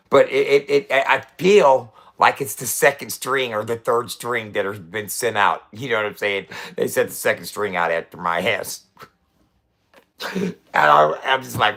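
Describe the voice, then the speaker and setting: Man, middle-aged, lowish voice, casual profane rant, frequent coughs and swearing. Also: bright, forceful tone. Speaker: website founder ranting to camera.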